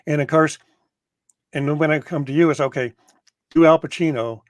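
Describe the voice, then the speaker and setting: A man's voice: a little high, steady tone, normal speed, no echo. Matter-of-fact man in a dry room. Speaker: producer and director. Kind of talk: casual podcast chat.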